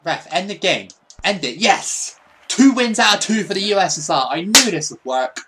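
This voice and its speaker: A man giving casual, excitable, sweary commentary over his own football gameplay. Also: high-pitched, normal speed, over loud music. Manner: excitable, sweary, mock-patriotic. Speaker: gaming YouTuber.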